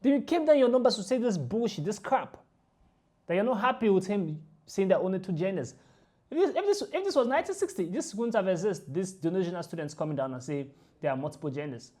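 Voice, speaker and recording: A woman ranting through a reaction video, emphatic and indignant, repeating her points forcefully. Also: mid-range voice, expressive, fast talker.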